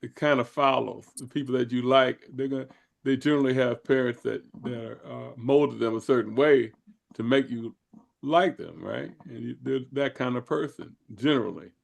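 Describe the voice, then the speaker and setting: Gravelly man in relaxed, reflective chat. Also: mid-range voice. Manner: agreeable, reflective, quick to back others up. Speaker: podcast co-host. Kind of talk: casual chat.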